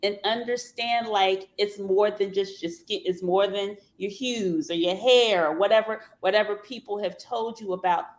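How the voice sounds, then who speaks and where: A woman's voice: mid-range voice, moderate pace, hardly any pauses. A woman hosting a casual panel discussion, with an ordinary mid-range voice. She talks frankly and loosely and drops a curse word now and then. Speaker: host.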